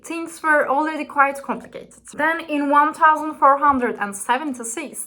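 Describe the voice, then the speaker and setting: A woman's voice: fairly high pitch, fairly bright tone. A woman with a Turkish accent, whose first language is Turkish, narrating a scripted explainer carefully and earnestly, with some non-native phrasing. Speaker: educational video creator.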